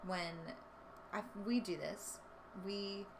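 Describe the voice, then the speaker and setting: A woman's voice: mid-range voice, slow, creaky. A young woman musician guesting on a casual chat, laid-back with dry humor. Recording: noticeable background noise.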